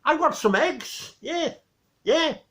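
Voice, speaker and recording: A man's voice: extremely high pitch, takes it slowly, pitched above the performer's own voice, full character voice. A man voicing a cheerful, chatty Geordie man who repeats himself and laughs as he talks. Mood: excited. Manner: excitable, repeats himself, laughs mid-sentence.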